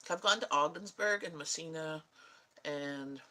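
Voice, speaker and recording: A woman's voice: sits low, measured pace, pushed and bright, poor audio. A woman vlogger chatting casually with viewers, rambling and laughing often. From Canada. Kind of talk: casual chat answering viewers.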